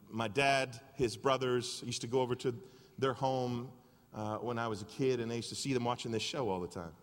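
A male pastor preaching a sermon and telling a story with lively energy. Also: on the high side. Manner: animated storytelling. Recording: long reverb of a large hall.

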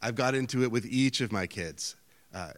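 A middle-aged man delivers a sermon in an easy, conversational way, telling stories and poking fun at himself. His voice sits at an ordinary pitch for a man and carries a long reverb, as if he is speaking in a large hall. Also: normal speed. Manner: conversational storytelling, self-deprecating, lively outbursts. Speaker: pastor.

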